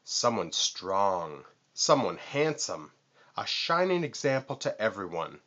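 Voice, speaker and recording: A man's voice: on the low side, very animated, slow, a bit bright, lo-fi sound, exaggerated voice. A man voicing a vain, pushy male vulture in a storybook read-aloud, boastful and screechy.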